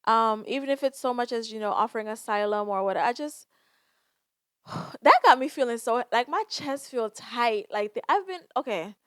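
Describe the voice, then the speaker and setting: A woman's voice: on the high side, animated, moderate pace, smooth, no echo, clean studio sound. A young woman hosting a solo podcast, talking candidly and emotionally with frequent sighs and swearing. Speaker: podcast host. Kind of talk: casual solo podcast talk.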